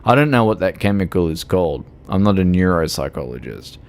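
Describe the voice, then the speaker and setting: A man's voice: low-pitched, big pitch swings, a little fast. A man streaming a game, tipsy, rambling and emotional, laughing often and swearing casually. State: tipsy from alcohol. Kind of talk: casual gaming stream chat.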